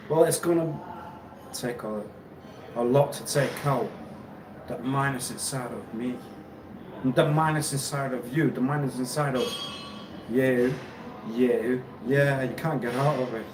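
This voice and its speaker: A man hosting a live stream, rambling and halting, who repeats himself and laughs often. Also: medium pitch, recorded from a distance. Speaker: livestream host. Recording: echoey room, off-mic, noisy ambience.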